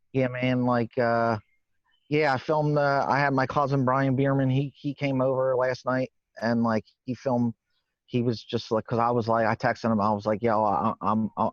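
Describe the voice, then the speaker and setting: A man's voice: mid-range voice, dry recording, lightly acted. A man playing a nervous, rambling working-class guy, stammering and swearing casually in a comedy interview. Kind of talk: improvised comedy character interview. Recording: dull lo-fi dry sound.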